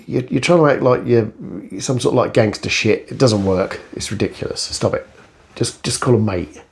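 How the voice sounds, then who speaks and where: A man's voice: mid-range voice, moderate pace, a little hiss or hum. A middle-aged man in a casual ranting monologue, blunt, profane and sarcastic. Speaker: vlogger.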